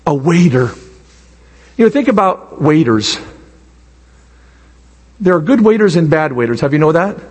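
A male pastor preaching a sermon in an animated way, acting out the voices of the people he quotes. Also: a little high, measured pace, long pauses, breathy edge. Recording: long reverb in a hall.

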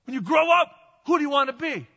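High, lively preaching man in a hall. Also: quick pace, creaky, dull audio. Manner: emphatic, repetitive, with the congregation repeating after him. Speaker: pastor. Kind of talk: sermon.

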